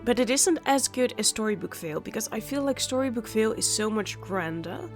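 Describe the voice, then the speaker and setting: With a voice on the high side and lively intonation, a woman talks a little fast over soft background music. She hosts a gaming channel and walks through a game in casual let's-play style, chatty and candid, muttering asides despite a sore throat.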